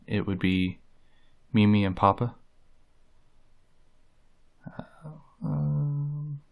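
Slow, low-voiced man. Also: creaky. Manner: unhurried, reads words off a list with many "uh" fillers. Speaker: vlogger. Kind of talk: casual accent-tag video.

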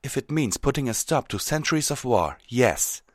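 A man's voice: medium pitch, very animated, moderate pace, dry recording, voice pushed up. A young pony princess with a raised, earnest voice, which a man puts on. She speaks firmly and resolutely, in a dry, close storybook reading. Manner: earnest, firm.

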